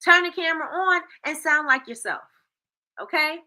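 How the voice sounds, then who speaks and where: A woman's voice: sits high, normal speed, pushed and bright, rough recording. A woman hosting a live stream, giving emphatic, repetitive motivational talk and laughing often.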